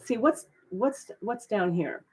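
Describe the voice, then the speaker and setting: A middle-aged woman hosting a casual live stream, chatting with viewers, often breaking into excited, surprised exclamations between trailing fillers. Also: medium pitch, slow, breathy edge.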